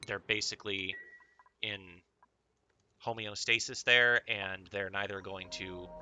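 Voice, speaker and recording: A man's voice: lowish voice, fairly even intonation, measured pace, sharp tone. A man hosting his own gaming channel, chattily explaining game mechanics in casual commentary and talking straight to his viewers.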